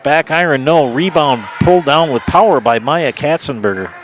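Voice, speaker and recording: A man calling a high school basketball game play-by-play, brisk, and rising for big plays. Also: lively intonation, soft background music. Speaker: play-by-play announcer.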